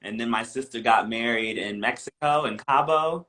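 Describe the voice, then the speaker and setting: Bright, sharp-voiced guy from california calling in on video, playful and animated. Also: medium pitch, moderate pace. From California, USA. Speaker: guest, professional dancer. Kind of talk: casual chat. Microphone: video call.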